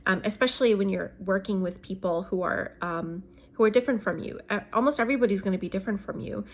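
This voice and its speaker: Woman, 30s, from South Asia, reflective solo talk, hesitant fillers, mid pitch. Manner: thoughtful, many fillers and restarts. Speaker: host. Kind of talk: casual talk on leadership.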